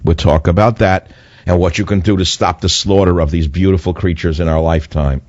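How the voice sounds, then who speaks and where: A man's voice: low-pitched, steady tone, brisk, a little mellow, no room sound. A man hosting a radio talk show, delivering an emphatic monologue that repeats its points for effect. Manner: emphatic, repetitive, mocking whiny voices. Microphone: studio microphone. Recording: muffled dry radio broadcast.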